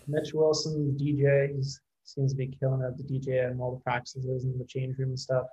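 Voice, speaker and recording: A man's voice: medium pitch, monotone, moderate pace, warm tone, low-quality recording. A man in a casual interview, a rugby player answering questions in a laid-back way and laughing easily.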